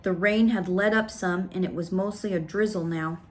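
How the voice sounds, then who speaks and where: A woman reading a children's novel aloud with steady, expressive first-person narration. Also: lowish voice, normal speed, slight background noise. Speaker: storybook reader.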